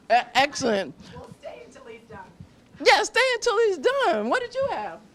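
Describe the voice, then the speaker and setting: A woman's voice: very high voice, huge pitch swings, a little slow, fairly bright tone. A woman hosting a live stream from a restaurant, interviewing diners in a gushing, effusive way and laughing often. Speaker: roving host interviewing diners.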